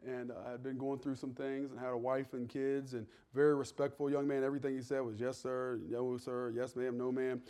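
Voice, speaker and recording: A male pastor preaching a sermon, swinging between loud, rising exhortation and quiet, chatty storytelling. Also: mid-range voice, completely flat delivery, brisk, hardly any pauses, smooth.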